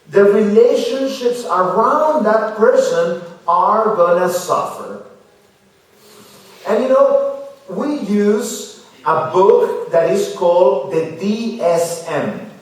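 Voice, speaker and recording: Male lecturer, fairly high voice, slow deliberate delivery, distant mic in a very echoey school hall. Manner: measured, explanatory, addresses audience with "okay?". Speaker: guest lecturer on mental health. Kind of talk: public lecture to students.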